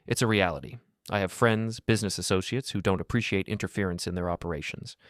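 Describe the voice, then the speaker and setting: Brief: suave threatening crook, condescending, low voice, read by a man. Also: fast, no room sound, studio quality, lightly acted. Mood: smooth menace. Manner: smooth, condescending, quietly threatening. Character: smooth, menacing small-time male club owner.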